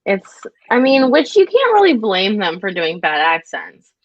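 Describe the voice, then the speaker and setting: A woman hosting a casual video-call chat, talking in quick bursts and laughing often. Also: medium pitch, wildly swooping pitch, dry recording. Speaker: host of a booktube live stream. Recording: dull lo-fi call audio, dry.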